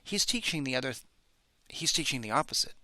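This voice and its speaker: A man's voice: medium pitch, lively intonation, fast, bright, forceful tone, no echo. A middle-aged man hosting a reaction show, talking candidly with frequent restarts and fillers. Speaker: host. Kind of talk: casual reaction commentary.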